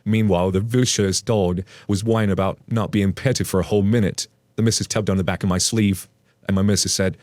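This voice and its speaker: Low-voiced man reading stories casually. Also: fairly even intonation, fairly quick, a little mellow, dry recording. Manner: chatty, addresses listeners directly. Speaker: story narrator.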